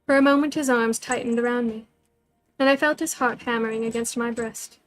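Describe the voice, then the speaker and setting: A woman with a fairly high voice reads a novel aloud, narrating in the first person. Her delivery is measured and level, and soft music plays in the background. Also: fairly even intonation. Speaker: storyteller.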